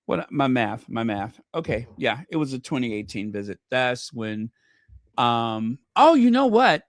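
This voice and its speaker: A man's voice: mid-range voice, unhurried, no echo, studio quality. A man giving casual video commentary, chatty and gushing, full of fillers and self-corrections, talking straight to his viewers. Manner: talks directly to viewers. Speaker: royal news commentator.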